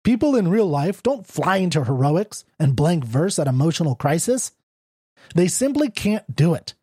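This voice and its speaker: Man voicing a dogged, slangy writer, dark and dry tone, storybook reading. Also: a little high, big pitch swings, normal speed, breathy edge, no echo. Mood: argumentative. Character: stubborn unshaven young male story writer.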